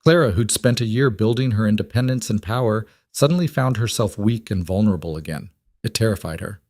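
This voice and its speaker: A man narrating a scripted story in a steady, measured way. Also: on the low side, no echo, studio quality.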